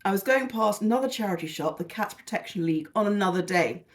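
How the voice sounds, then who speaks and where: Brief: British woman, vlogger, medium pitch, chatty and rambling, self-deprecating, slightly tired. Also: animated, fast. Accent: British English. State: tired and lethargic. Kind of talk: casual chatty haul video.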